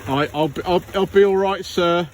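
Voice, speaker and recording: A man's voice: high-pitched, moderate pace, a little hiss or hum. A man in casual chat, polite and hesitant, often trailing off and restarting.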